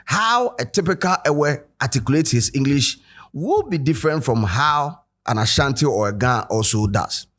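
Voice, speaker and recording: Man, Ghanaian accent, host, commentary, mid pitch, code-switching. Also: expressive, moderate pace, a bit bright. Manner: switches between English and Twi, reads quotes aloud. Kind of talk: commentary video.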